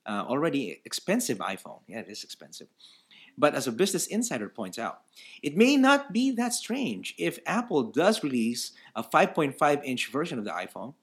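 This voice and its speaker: Lively, chatty male podcast co-host. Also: on the high side. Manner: lively, laughs often, reads stories aloud then comments. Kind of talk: casual chat reading news items.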